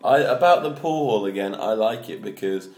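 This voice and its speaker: A man's voice: fairly low pitch, expressive, moderate pace, darkish tone, soft background music. A man from England, co-hosting a casual chat and teasing his friends, laughing often. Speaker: podcast co-host. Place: room in a shared home. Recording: echoey room.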